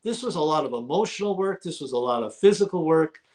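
A man's voice: on the high side, animated, quick pace, darkish tone. A middle-aged man telling stories as a guest in an interview, repeating words for emphasis. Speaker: guest author. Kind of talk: casual interview talk.

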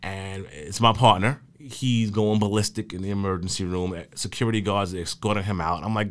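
Smooth low-voiced man telling stories. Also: fairly even intonation. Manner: halting, with many fillers and restarts. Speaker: EMS worker recalling his career. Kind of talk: casual spoken storytelling.

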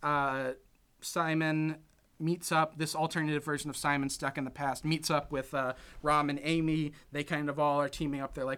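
Bright-voiced young man rambling through a recap. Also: a little high, flat delivery, normal speed, clear, resonant tone. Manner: rambling recap full of "like" and "you know", acting out quotes. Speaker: podcast co-host recapping a film. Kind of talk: casual chat.

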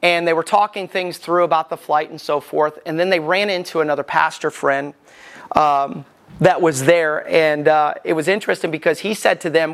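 A man's voice: fairly high pitch, steady tone, moderate pace, fairly bright tone. A man, a lead pastor, giving a sermon. He tells a story at length and then drives the lesson home with repeated, emphatic commands. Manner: emphatic, repetitive exhortation.

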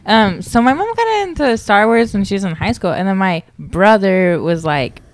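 A woman's voice: medium pitch, animated, normal speed. A young woman telling a casual anecdote in a chatty, giggly way, full of likes and fillers. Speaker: guest in group chat.

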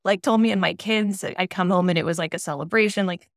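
A woman speaks as a podcast guest in a slightly low voice. She talks casually and thoughtfully, dropping "like" into her sentences again and again. The sound is dry and close. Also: quick pace, no echo. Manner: reflective, frequent "like" fillers. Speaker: podcast guest, cancer survivor. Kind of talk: casual conversation.

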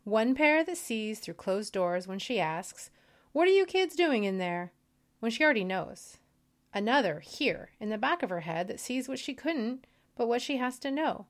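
A woman's voice: on the high side, big pitch swings, normal speed. A woman voicing God as a patient, weary male creator while reading a story aloud. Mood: fond.

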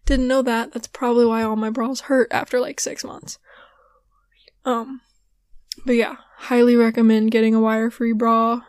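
A young woman hosting a podcast in casual chat, rambling with many fillers, her voice hoarse and giving out. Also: on the high side, little pitch movement, moderate pace, a little mellow, no room sound, studio quality. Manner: rambling, filler-heavy, ranting. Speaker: podcast host.

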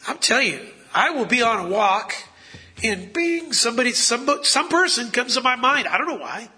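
A man's voice: very high voice, big pitch swings, moderate pace, pushed and bright, husky. A man preaching a sermon in a conversational way, asking the listeners rhetorical questions.

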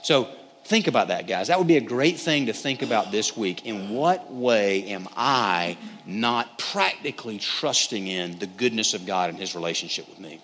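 A man's voice: medium pitch, a bit bright. A man teaching through a Bible passage in an earnest, conversational way, often calling his listeners "guys". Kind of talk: sermon-style Bible teaching. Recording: echoey hall, faint noise.

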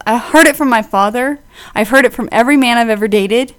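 A woman's voice: on the high side, fast, smooth. A middle-aged woman co-hosting a podcast, playful and sarcastic, laughing often in casual chat. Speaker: podcast co-host.

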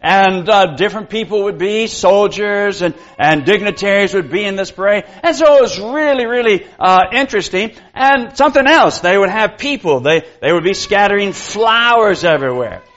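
Folksy preacher, high animated voice, conversational church teaching. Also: male voice, normal speed, hardly any pauses. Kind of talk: expository Bible lesson. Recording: dull lo-fi sound.

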